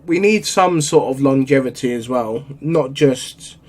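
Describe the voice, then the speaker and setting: A man's voice: medium pitch, lively intonation, a little slow, darkish tone. A young man with an easygoing, agreeable manner, chatting casually about football over a video call. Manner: easygoing, agreeable, laughs often. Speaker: football podcast co-host.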